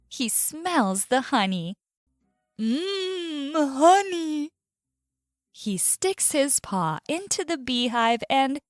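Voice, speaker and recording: A woman reads a children's story for learners, slow and clear, with deliberate pacing. Her high voice moves up and down expressively. The recording is dry and close, with soft music underneath.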